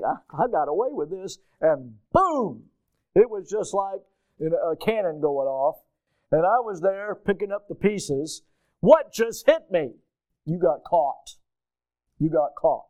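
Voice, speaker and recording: A man preaching a sermon, reading scripture and telling a lively childhood story, acting out the voices of people in it. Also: a little high, no room sound, low-quality recording. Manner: storytelling, animated, acts out quoted voices. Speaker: pastor.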